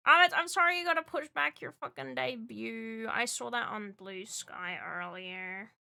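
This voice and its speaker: A woman streamer chatting casually and reading out chat, excitable and loud, swearing often. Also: a little high, unhurried, gravelly, smooth. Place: Brisbane.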